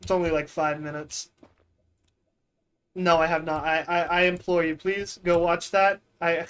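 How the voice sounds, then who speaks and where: A man telling a long story on stream in a casual, rambling way, full of fillers and restarts, with deadpan mock boasting about himself. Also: fairly high pitch, measured pace, clean tone, poor audio. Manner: rambling, self-mocking, with lots of fillers and restarts.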